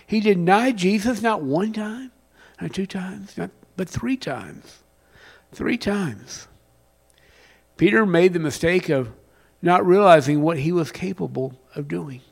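A man preaching a sermon, rising to loud emphatic passages and dropping to a near whisper. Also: sits high, expressive, slow pace, vocal fry, breathy edge. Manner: reads scripture with plain conversational paraphrase. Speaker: pastor.

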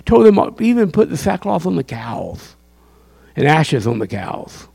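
A man's voice: on the high side, wildly swooping pitch, measured pace, creaky, darkish tone, breathy edge. A man preaching a sermon, impassioned and quizzing his listeners with questions. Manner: impassioned, asks the crowd questions.

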